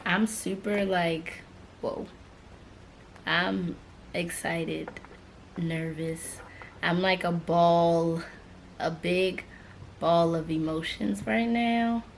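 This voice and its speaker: A woman's voice: on the low side, steady tone, drawn-out words, vocal fry, long pauses, slight background noise. A young woman who is an author and YouTuber, talking casually with lots of slang while unboxing, emotional, laughing and gasping between exclamations. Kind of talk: excited unboxing vlog.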